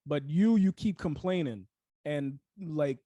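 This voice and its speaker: A young man with a slightly high voice, recorded close and dry, talks sports in a casual, heated way. He rants with plenty of fillers and restarts. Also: slow, dry recording, highs cut off. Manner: animated, heated ranting with lots of fillers. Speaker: sports podcast co-host.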